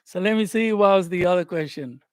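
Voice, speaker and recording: High-voiced man giving a live tutorial. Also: brisk, clear, resonant tone, no echo, clean studio sound. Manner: animated, conversational, laughs often. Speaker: YouTube coach live-streaming. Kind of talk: live-stream tutorial talk. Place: home studio, indoors.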